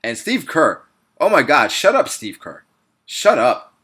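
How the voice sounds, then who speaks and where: Lively young man talking sports. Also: a little high, unhurried, breathy edge. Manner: animated, laughs often, trails off quietly. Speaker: podcast host. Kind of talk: casual sports chat.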